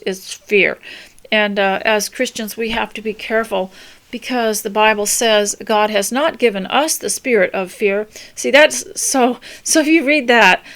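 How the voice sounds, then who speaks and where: An older woman speaks in a gentle, meandering way, offering homemaking and faith advice to listeners. Her voice sits at an ordinary middle pitch, and she often pauses, restarts, and fills gaps with soft ums as she talks. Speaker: homemaking podcast host. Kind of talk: casual spoken advice talk.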